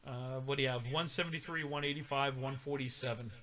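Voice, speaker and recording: A man's voice: medium pitch, fairly even intonation, fast, fairly bright tone. A middle-aged man co-hosting a podcast in casual chat, rambling through old scores with many fillers. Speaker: podcast co-host.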